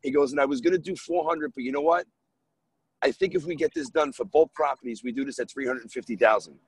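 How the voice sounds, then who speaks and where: Man, podcast guest, lively swinging pitch, husky gravelly tone, dry close sound. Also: fast talker, dry recording, poor audio. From New York. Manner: animated, acts out dialogue in his story. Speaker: guest real estate investor. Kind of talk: storytelling podcast interview.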